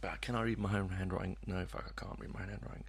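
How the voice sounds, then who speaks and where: A man with a fairly low, gravelly voice hosts a music podcast on his own. He talks through an album in a loose, unscripted way, full of "um"s and restarts, and he swears casually now and then. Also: steady tone, very fast. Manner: rambling and hesitant, many fillers, casual swearing. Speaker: podcast host. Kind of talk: casual music review monologue.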